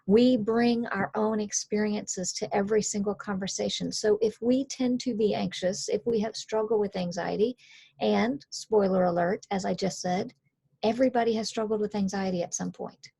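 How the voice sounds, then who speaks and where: A woman coach talking parents through handling anxiety, calm, earnest and plainspoken. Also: medium pitch, moderate pace, creaky, husky. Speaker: coach and author. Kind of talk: conversational explainer.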